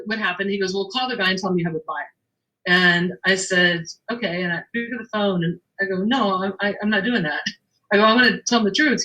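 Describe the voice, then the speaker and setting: A woman's voice: medium pitch, low-quality recording. A middle-aged woman, a shop owner, telling an anecdote in a casual interview, acting out the dialogue and laughing often. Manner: animated storyteller, acts out the dialogue, laughs often.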